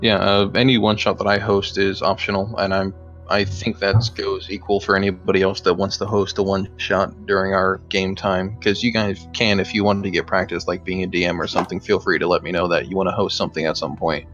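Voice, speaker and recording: A man in casual voice chat among players, halting and filling pauses with uh and um. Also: low-pitched, level tone, a bit bright, muffled recording, soft background music. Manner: halting, full of uh and um. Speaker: player and server admin.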